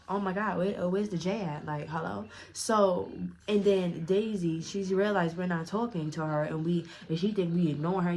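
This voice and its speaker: A young woman vlogger telling a casual story time, profane and animated, often repeating herself. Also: fairly low pitch.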